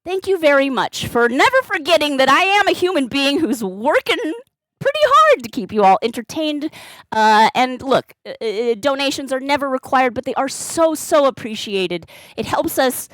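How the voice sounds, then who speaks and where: A balloon artist streams live in a very animated, high-sitting voice that's a bit bright, at normal speed with no room sound. Bubbly and playful, she showers her chat with thanks and baby-talks her cat.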